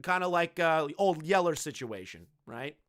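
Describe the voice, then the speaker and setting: A man's voice: a little high, sing-song, moderate pace, background noise. A man streaming from home, ranting in heated, profane, sarcastic commentary. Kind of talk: livestream commentary rant.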